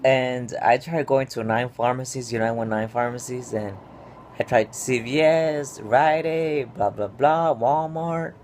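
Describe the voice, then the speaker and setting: A man's voice: mid-range voice, measured pace, darkish tone, slight background noise. A man telling a stressed personal story in a casual vlog, rambling with many fillers and restarts. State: stressed and upset. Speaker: vlogger.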